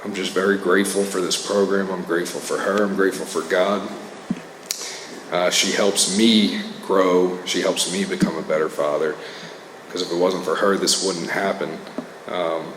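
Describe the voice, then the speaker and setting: A man's voice: sits low, fairly bright tone, echoey room, big-room sound, slight background noise, poor audio. A man in his thirties giving a personal recovery testimony at a meeting, talking in an earnest, conversational way with many fillers and restarts. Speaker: recovery speaker. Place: meeting hall.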